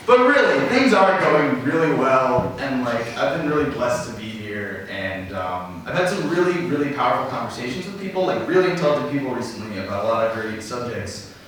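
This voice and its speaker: A man's voice: medium pitch, animated, brisk, a bit bright, a little hiss or hum. Young man rambling on an echoey stage. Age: young adult. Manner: rambling, filler-heavy, offhand. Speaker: stand-up comedian. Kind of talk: stand-up comedy set. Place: black-box theater stage. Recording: echoey stage audio from a distant mic.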